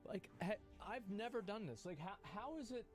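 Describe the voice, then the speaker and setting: Brief: young male game streamer, high and very animated voice, exasperated and profane. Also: moderate pace, soft background music. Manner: exasperated, swearing, stammering. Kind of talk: live gameplay commentary.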